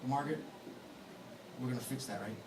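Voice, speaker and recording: Here a groom offers a teasing, joke-filled wedding toast punctuated by laughs, his mid-range voice a little fast and a little mellow. The distant recording captures the echo of a large banquet hall along with background noise.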